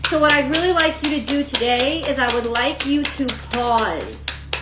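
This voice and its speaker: A woman with a high voice gives a casual daily tarot reading. She rambles, swears freely and laughs as she goes. The sound is roomy, with a clear echo around her. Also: animated, moderate pace, very noisy. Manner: rambling, profane, laughs often. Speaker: tarot reader.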